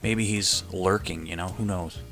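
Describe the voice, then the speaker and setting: A male live stream host chats casually with his viewers. He has a lowish voice with a bright, forceful edge. He jokes around and laughs often as he answers the chat. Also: fairly even intonation, moderate pace, vocal fry, faint music behind. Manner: chatty and joking, laughs often.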